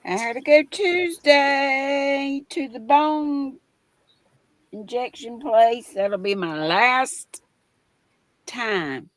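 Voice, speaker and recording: A woman chats on her livestream at an unhurried pace, wandering through her story with plenty of fillers. The sound is dry and close, with no room around it. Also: high-pitched, expressive, no echo. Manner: slow, rambling, with fillers. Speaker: livestream host. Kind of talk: casual chat.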